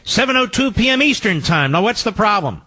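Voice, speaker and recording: A man hosting a political talk radio show, sarcastic, combative and mocking, with his pitch swinging widely for emphasis. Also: sing-song, brisk, pushed and bright, soft background music.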